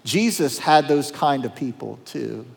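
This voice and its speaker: A man's voice: mid-range voice, animated, unhurried, gravelly. A man, a pastor, preaching a sermon in a conversational, humorous way with dramatic quotes. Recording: reverberant church hall.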